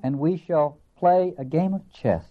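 Earnest Southern American man lecturing. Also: on the high side. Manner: earnest, emphatic, swings between slow deliberate lines and quick asides. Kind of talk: literature lecture. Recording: dull lo-fi lecture recording.

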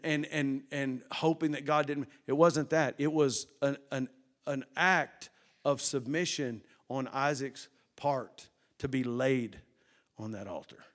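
A man preaching a sermon, moving from hushed tones to loud emphasis and asking the congregation questions. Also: a little high.

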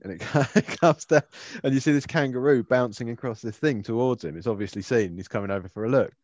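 A man's voice: medium pitch, brisk, a little mellow, no echo, highs cut off. A man with an English accent co-hosting a podcast in casual, sweary, laid-back banter. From England. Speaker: podcast co-host. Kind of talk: casual chat.

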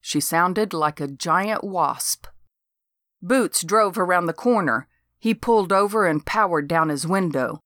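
Older woman, audiobook narrator, deadpan humor, lowish voice, very slow. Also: no room sound, clean studio sound. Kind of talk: first-person comic novel narration.

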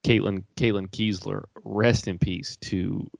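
A man's voice: lowish voice, fairly even intonation, slow pace, vocal fry, darkish tone, no room sound. A young man co-hosting a podcast, chatting casually in a rambling way, laughing often and swearing. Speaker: podcast co-host. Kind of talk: casual chat.

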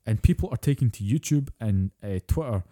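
A man's voice: medium pitch, expressive, fairly quick, dark tone. A Scottish man co-hosting a podcast, chatting casually and ranting with plenty of swearing. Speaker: podcast co-host.

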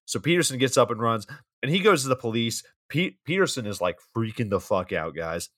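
Man, podcast co-host, mid pitch, dry close sound, rambling, profane, wry recap. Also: sing-song, fairly quick, fairly bright tone, no room sound. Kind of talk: casual movie recap.

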